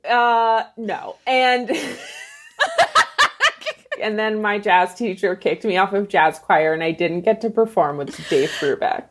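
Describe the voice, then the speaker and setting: Woman comedian guest on a podcast, wry jokes, really lively up-and-down voice. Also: medium pitch, slow pace. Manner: wry, joking, animated storytelling. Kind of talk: casual chat.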